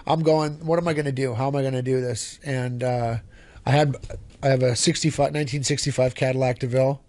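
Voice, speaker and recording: A man's voice: mid-range voice, darkish tone. A man who sings in a band, telling a long story in a casual interview, restarting sentences and swearing freely. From Canada. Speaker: band singer and songwriter.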